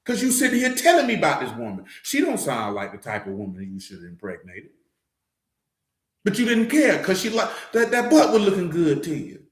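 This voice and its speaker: A man's voice: high voice, huge pitch swings, a little fast, reverberant. A man giving a loose, blunt, streetwise scripture teaching. He talks conversationally and keeps asking "you know what I'm saying". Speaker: teacher of a scripture study assembly.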